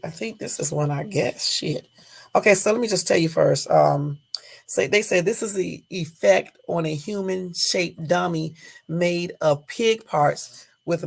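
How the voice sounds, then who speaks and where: A woman vlogger talking casually to her viewers, rambling with frequent exclamations and asides, sometimes slowly reading news text aloud. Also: low voice, gravelly, slightly rough.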